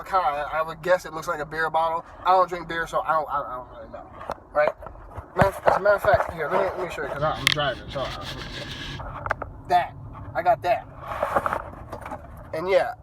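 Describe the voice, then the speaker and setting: High-voiced man venting heatedly in a car. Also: sharp tone, a little hiss or hum, low-quality recording. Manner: heated, profane, stammering restarts. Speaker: vlogger. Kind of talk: angry storytelling to camera. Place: inside a car while driving.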